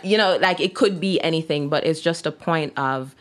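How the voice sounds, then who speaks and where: In a low voice and at a slightly quick pace, a Jamaican woman in her thirties chats casually as an interview guest. She owns a T-shirt brand, and her talk is full of fillers and laughter.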